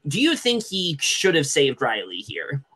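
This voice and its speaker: A man's voice: a little high, wildly swooping pitch, a little slow, pushed and bright, husky. A young man co-hosting a podcast, recapping a reality show in casual, rambling chat full of fillers. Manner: rambling, many fillers and restarts. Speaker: podcast co-host.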